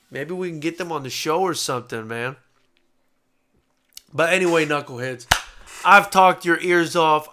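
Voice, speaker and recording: A man hosting a live post-fight boxing reaction stream, chatting casually, getting excited and swearing freely. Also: on the high side. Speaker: boxing show host.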